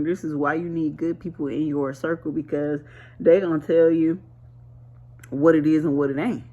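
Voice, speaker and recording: A woman's voice: low voice, steady tone, normal speed, warm tone. A woman talking casually to camera, sharing a spiritual message in a chatty, colloquial and emphatic way. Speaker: vlogger sharing a prophetic word.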